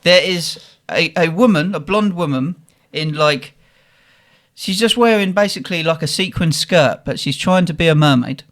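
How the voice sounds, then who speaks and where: Brief: young guy, podcast co-host, animated storyteller who swears freely, voice a touch higher than most men. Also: normal speed. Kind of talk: casual storytelling.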